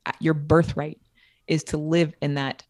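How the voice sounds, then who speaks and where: Low-voiced woman co-hosting a chatty podcast. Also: level tone, a little slow, a little mellow, dry recording, clean studio sound. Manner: upbeat, encouraging, fond of filler words. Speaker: podcast co-host. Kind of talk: casual chat.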